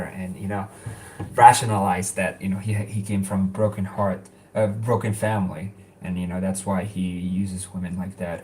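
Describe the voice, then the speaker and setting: Young man, native Arabic speaker, casual rambling vlog chat, fillers and restarts, lowish voice. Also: darkish tone, slight background noise. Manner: rambling, lots of fillers and restarts, laughs often. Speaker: language-learning vlogger.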